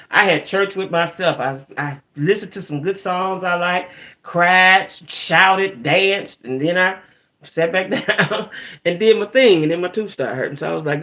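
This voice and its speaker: A woman's voice: lowish voice, a bit bright. A woman hosting a casual live chat, talking straight to her viewers, often checking in with them and swearing freely as she tells her news. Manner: chatty, keeps checking in with "right?" and "y'all"; frequent restarts and stumbles. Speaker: livestream host.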